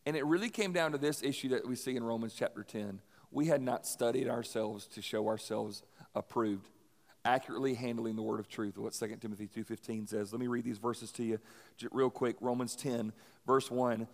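A young adult man preaching a sermon in a casual, energetic way, repeating key lines for emphasis. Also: mid-range voice, fairly quick. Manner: energetic, conversational, emphatic repetition. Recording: long hall reverb.

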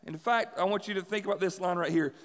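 A young adult man preaching a sermon in a casual, energetic way, repeating key lines for emphasis. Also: sits high, fast. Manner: energetic, conversational, emphatic repetition. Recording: long hall reverb.

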